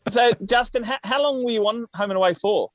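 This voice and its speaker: An Australian man co-hosts a podcast, pressing the guest for details with jokes. His high voice comes across dry and close to the mic. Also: fairly quick, no room sound. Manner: pushy, joking, eager for the story. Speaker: podcast co-host. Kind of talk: casual podcast banter.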